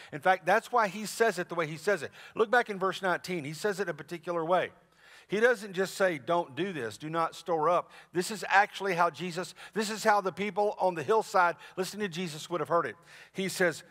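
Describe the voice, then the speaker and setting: Animated male pastor preaching in a church. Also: high voice, normal speed. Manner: conversational, animated preaching with asides to the congregation. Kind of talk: sermon. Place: large church sanctuary. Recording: long reverb of a church hall.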